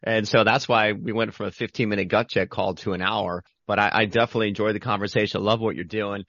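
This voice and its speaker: A man hosting a podcast interview, upbeat and energetic, talking in a rambling casual way. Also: on the low side, quick pace, no room sound, muffled recording. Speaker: podcast host.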